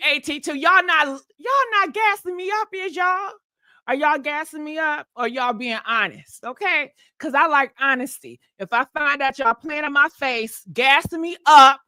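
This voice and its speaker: A woman hosting a casual gossip livestream, sassy and animated, chatting to viewers and laughing often. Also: high-pitched, dry recording, studio quality. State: short of breath.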